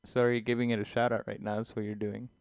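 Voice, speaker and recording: A young man in relaxed podcast chat, dropping joking comments. His voice is smooth and clear, slightly low, and the close mic gives a dry sound with no room around it. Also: fast, no echo. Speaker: podcast co-host. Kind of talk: casual chat.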